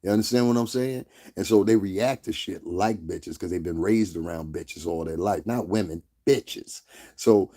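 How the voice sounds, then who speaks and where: A man with a very low, mellow voice rants on his livestream. He talks bluntly and heatedly, swears freely and keeps asking his viewers whether they understand him. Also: moderate pace. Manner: blunt, heated, profane, repeats "you understand what I'm saying". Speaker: livestream host. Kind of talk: profane livestream rant.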